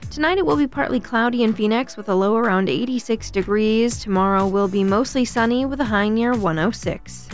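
A woman announcing station news, traffic and weather in an even, informative read. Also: on the high side, fairly quick, few pauses, soft background music.

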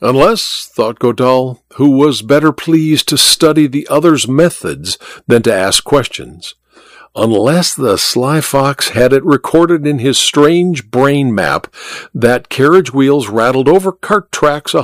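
A man reading a story aloud as narrator in a measured, expressive way. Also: medium pitch, dry recording, clean studio sound. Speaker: audiobook narrator.

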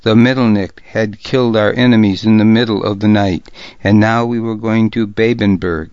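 A man narrating a historical novel in the first person, with a deliberate, gravely serious reading. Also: on the low side, steady tone, a little mellow, no room sound, dull audio. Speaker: audiobook narrator.

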